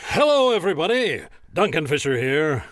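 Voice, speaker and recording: An actor playing a crude, hard-drinking middle-aged arena announcer who talks in a blustering, profane, indignant way. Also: male voice, on the high side, big pitch swings, normal speed, fairly bright tone, dry recording, studio quality. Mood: hammy. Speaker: announcer recording an ad spot. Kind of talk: comedy skit acting.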